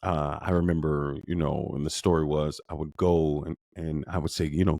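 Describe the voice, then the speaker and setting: A man hosting a podcast, telling a personal story in an animated way, his voice lifting as he gets excited. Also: normal speed, vocal fry, hardly any pauses, no echo, studio quality. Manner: animated, lifts his pitch when excited, frequent restarts. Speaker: podcast host.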